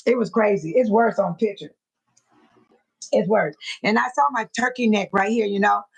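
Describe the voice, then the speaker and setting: A woman's voice: mid-range voice, normal speed, husky, rough recording. A woman hosting a livestream, chatting casually to her viewers, repeating herself and laughing often. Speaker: livestream host.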